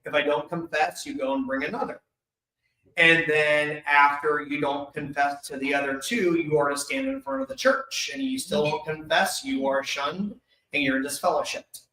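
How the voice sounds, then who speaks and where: A man with a bright, ringing, fairly high voice tells his own story to an audience. He talks openly and emotionally, with quick bursts of humor. The sound carries the echo of a large event hall. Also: lively intonation, slight background noise. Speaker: speaker sharing his life story. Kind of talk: candid personal storytelling to an audience. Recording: echoey hall.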